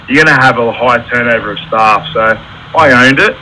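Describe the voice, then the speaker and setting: A middle-aged man talks candidly about his trade business, acting out old phone calls as he goes. His voice is bright and forward, with faint background noise behind it. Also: medium pitch, moderate pace, low-quality recording. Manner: candid, storytelling with reenacted quotes. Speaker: electrical contractor, guest. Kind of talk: casual interview talk.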